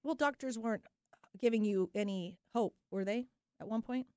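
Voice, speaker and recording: A woman hosts a radio talk show with an eager, laughing delivery. Her voice sits a bit high for a woman and sounds dry and close to the mic. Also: moderate pace, a little mellow, clear, resonant tone, no room sound. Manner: enthusiastic, breaks into laughter. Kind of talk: casual radio chat.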